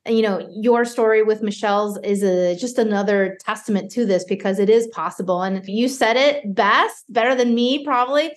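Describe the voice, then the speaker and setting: A woman's voice: mid-range voice, steady tone, moderate pace, hardly any pauses. A woman hosting an interview, affirming and emphatic. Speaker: podcast host. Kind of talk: interview conversation.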